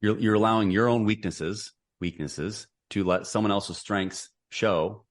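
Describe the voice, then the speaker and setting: Brief: middle-aged man, low voice, earnest podcast guest who rambles and restarts a lot. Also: measured pace. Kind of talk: casual interview conversation.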